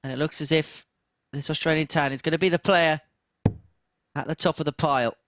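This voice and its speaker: A male darts commentator with a fairly high voice, recorded close and dry with no room sound. He calls the scores and finishes in steady play-by-play, with dry asides between throws. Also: fairly quick, no echo. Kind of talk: live sports commentary.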